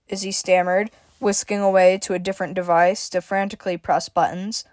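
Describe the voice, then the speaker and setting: Woman reading a story out loud, dry close mic, middle pitch. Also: little pitch movement, fairly quick, hardly any pauses, no room sound. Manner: reads dialogue with shifting emphasis, stammers for a frightened character. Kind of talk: scripted story narration.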